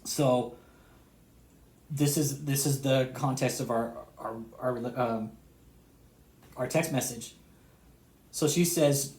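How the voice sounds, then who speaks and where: A man's voice: unhurried, long pauses. Man ranting with heavy profanity, roomy echo. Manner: swears constantly, repeats himself, swings from shouting to low sarcastic mutter. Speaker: online commentator. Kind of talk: heated profane rant to subscribers.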